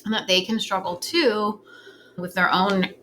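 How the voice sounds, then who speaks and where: A woman hosting a podcast, chatting in a supportive, affirming way with frequent soft agreement. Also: mid-range voice, steady tone, unhurried, background noise. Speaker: podcast host. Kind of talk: supportive interview chat.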